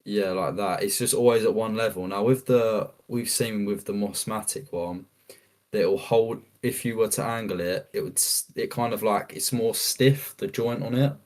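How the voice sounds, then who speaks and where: A man with a fairly low voice explains his cleaning equipment, often restarting his sentences. He talks in an easygoing, casual way as a guest. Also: normal speed, darkish tone. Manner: explains with many restarts, says "yeah" a lot. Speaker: guest, property cleaning business owner. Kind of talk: casual chat.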